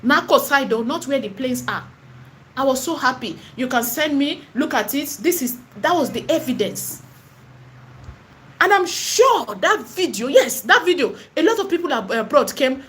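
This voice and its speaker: A woman's voice: sits high, animated, normal speed, a bit bright, slight background noise. A woman with a Nigerian accent gives an impassioned preaching monologue in her vlog. She is emphatic and repetitive and slips into Pidgin and Igbo phrases. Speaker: online seller and spiritual vlogger.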